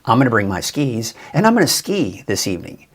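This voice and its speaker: A man's voice: mid-range voice, very animated, fairly quick, husky. A man giving a casual, chatty live weather forecast as a TV meteorologist, upbeat and a bit tired, with many fillers and restarts.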